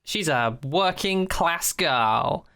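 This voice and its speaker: Rambling podcast co-host, casual. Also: male voice, fairly high pitch, lively intonation, very slow, vocal fry, sharp tone. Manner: rambling, hesitant with fillers. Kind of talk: casual chat.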